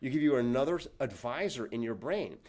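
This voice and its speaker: A man, a professor and author, answering interview questions as an animated storyteller who acts out the people he quotes. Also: mid-range voice, brisk.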